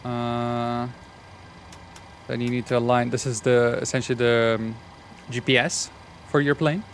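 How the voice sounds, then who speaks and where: A man's voice: medium pitch, little pitch movement, measured pace, slight background noise. A man with a non-American accent streaming a game, chatting in a rambling, wry way, full of restarts and fillers. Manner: wry, laughs at his own jokes. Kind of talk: casual gameplay chat.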